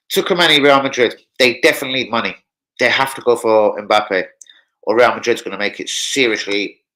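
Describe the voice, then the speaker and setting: A young man with a medium-pitched, bright, forceful voice hosts a casual football fan livestream. He curses and rambles while reading viewer comments aloud, and the audio is poor.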